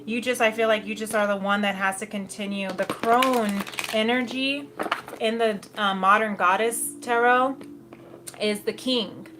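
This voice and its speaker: Woman, tarot reader, casual chatty delivery, frequent laughs, mid-pitched voice, faint background noise. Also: fairly even intonation, a little slow. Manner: chatty, laughs often, slips into quoted asides.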